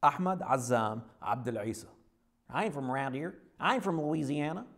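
Guy playing a lost southern-drawl dude, high-ish voice that swings all over. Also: animated, fast, gravelly. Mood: bewildered. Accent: American Southern. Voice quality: folksy drawl, slangy. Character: Lebanese man stuck with a Southern drawl, bewildered. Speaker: patient. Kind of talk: comedy sketch acting.

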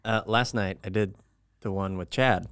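A young man, a pastor, chatting casually on a church podcast, relaxed and joking with a few fillers. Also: on the low side, moderate pace, clean tone.

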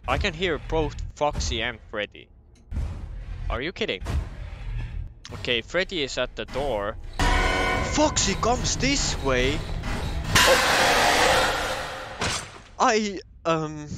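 A man's voice: on the high side, heavy background noise. A young man doing casual commentary on a horror game, joking and swearing as he talks to the game characters. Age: young adult. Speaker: gameplay commentator.

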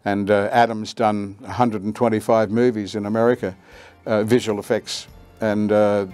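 Lively older Australian man telling stories. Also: lowish voice, moderate pace, clean tone, faint music behind. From Queensland, Australia. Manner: lively storyteller who acts out quoted lines with a lifted voice. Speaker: veteran radio announcer and voiceover artist. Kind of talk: reminiscing career story.

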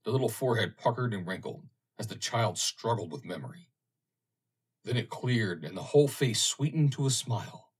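A man reading an audiobook, narrating in a measured, expressive way. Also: on the low side, breathy edge.

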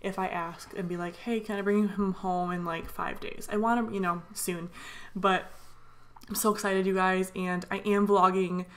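Excited young woman rambling in a vlog voiceover. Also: mid-range voice, moderate pace. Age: young adult. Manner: excited rambling with many fillers. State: tired. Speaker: vlogger. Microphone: voiceover mic.

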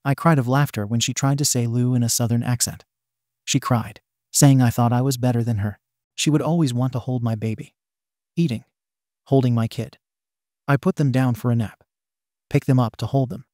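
A man's voice: medium pitch, fairly even intonation, moderate pace, pauses often, warm tone, dry recording, clean studio sound. A man narrating a forum story aloud, reading abbreviations letter by letter.

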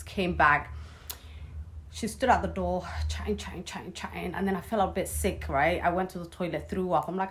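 Blunt, sweary young woman telling a story. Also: lowish voice. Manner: blunt, swears freely, sarcastic asides. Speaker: vlogger. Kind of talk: casual storytime.

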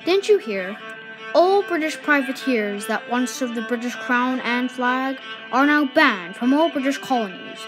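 A woman's voice: sits high, expressive, unhurried, music in the background, poor audio. A woman playing a stern colonial sergeant. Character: stern male colonial sergeant giving orders. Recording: voice over loud orchestral strings.

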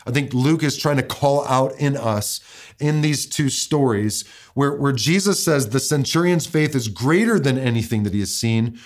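A male pastor preaching in a loose, everyday manner, stumbling over repeated words as he goes. His voice sits at an ordinary middle pitch, and he slows down to lean on the key lines. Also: lively intonation. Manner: casual, repeats words and restarts often, slows down to stress quoted verses. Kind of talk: conversational sermon.

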